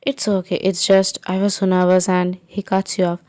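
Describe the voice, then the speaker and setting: A woman's voice: fairly low pitch, monotone, moderate pace, a little mellow, natural voice. A woman reading as a nervous, sincere young heroine. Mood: earnest.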